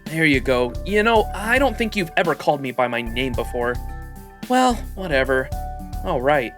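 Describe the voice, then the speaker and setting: A man's voice: a little high, sing-song, moderate pace, a bit bright, soft background music. A man reading the lines of a blunt, cool teenage classmate from a game, in a dry, matter-of-fact tone close to his own voice. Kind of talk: reading game dialogue aloud.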